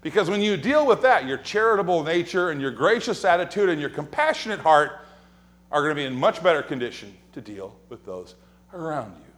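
A male pastor delivers a sermon in a church sanctuary. His voice sits a little high and swings widely in pitch as he tells funny stories and acts out whispered gossip. He talks like a storyteller, building to punchlines. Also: brisk. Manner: animated, joking storyteller who acts out quotes and whispers.

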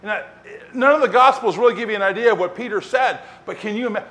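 A man preaching a sermon as pastor, telling the story in an animated way and acting out scenes. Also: high voice, fast, hardly any pauses.

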